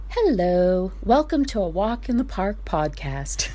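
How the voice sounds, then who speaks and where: A woman reading a scripted podcast intro in a playful way, climbing with excitement through a list. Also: mid-range voice, a little slow, hardly any pauses.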